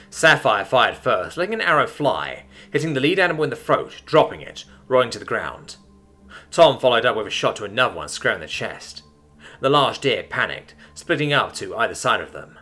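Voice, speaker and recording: A man reading a sci-fi story aloud as a scripted narration, with an animated storytelling delivery. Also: medium pitch.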